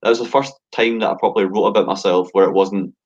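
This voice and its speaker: Low-voiced Scottish rapper, blunt and sweary. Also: male voice, steady tone, quick pace. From Scotland. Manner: blunt, swears freely, many fillers like "like". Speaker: rapper guest. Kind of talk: casual interview chat. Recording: dull lo-fi sound.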